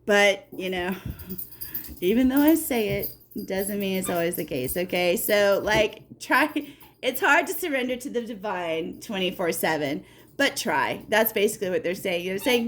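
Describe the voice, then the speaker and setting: A woman giving a casual tarot reading, talking straight to the viewer in an animated, blunt way and checking in with "okay?". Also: mid-range voice, normal speed, a little hiss or hum. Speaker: tarot reader.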